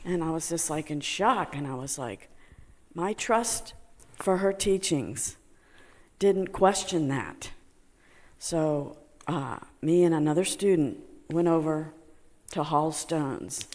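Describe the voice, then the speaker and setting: A woman telling a personal story to a group, halting with many fillers and laughing as she talks. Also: low-pitched, expressive, a little mellow, long reverb tail. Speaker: meditation student sharing a testimony.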